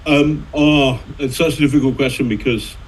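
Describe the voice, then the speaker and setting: A man's voice: mid-range voice, steady tone, moderate pace, slight background noise, poor audio. A middle-aged man, a journalist and author, telling anecdotes in a rambling way, full of fillers and restarts. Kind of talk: conversational storytelling.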